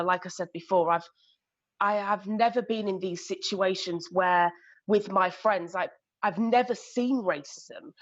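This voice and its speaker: Lady on a podcast panel, earnest, a bit halting, muffled lo-fi sound. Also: mid-range voice. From Yorkshire, England. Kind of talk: casual panel discussion.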